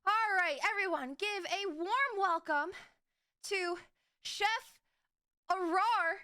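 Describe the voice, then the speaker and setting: A woman's voice: very high voice, takes it slowly, pushed and bright, no echo, clean studio sound. A woman hosting her live stream, chatty, giggly and a bit scattered as she welcomes guests. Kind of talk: casual live-stream chat.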